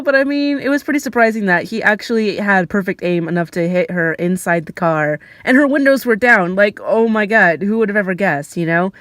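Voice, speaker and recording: A woman's voice: medium pitch, a little fast, hardly any pauses, no room sound. Chatty young woman vlogger, dry sound. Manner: chatty and lively, with laughs and filler words. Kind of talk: casual storytelling.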